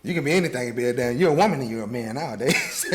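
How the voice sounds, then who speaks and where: A man's voice: mid-range voice, expressive, racing, a little hiss or hum. A man co-hosting a casual group chat, laid-back and often cutting in. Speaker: podcast co-host.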